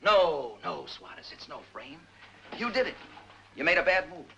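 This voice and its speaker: A middle-aged actor playing a tough, stubborn police captain who presses hard and talks forcefully. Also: male voice, a little high, very animated, dull audio, slight background noise, heavily acted. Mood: interrogating. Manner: forceful, pressing, rapid interrogator.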